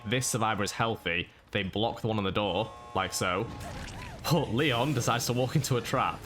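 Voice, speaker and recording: A man giving a monotone, matter-of-fact voice-over commentary on his own gameplay. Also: on the low side, a little hiss or hum. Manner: monotone delivery. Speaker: gaming YouTuber.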